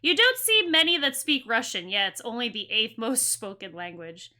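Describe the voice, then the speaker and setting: A woman streamer with a high voice and a very bright, sharp tone. She gives sarcastic live commentary, reading game options and viewer messages aloud as she plays. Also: sing-song, normal speed.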